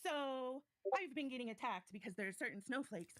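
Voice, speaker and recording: A woman's voice: sits high, expressive, brisk, no echo. A woman in a clip played on a stream, defensively explaining herself.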